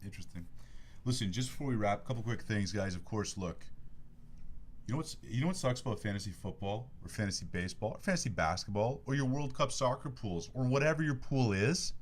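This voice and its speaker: Male podcast host, low-ish voice, chatty and joking, casual studio sports talk. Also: brisk, a little hiss or hum. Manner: jokey, chatty, animated plugs.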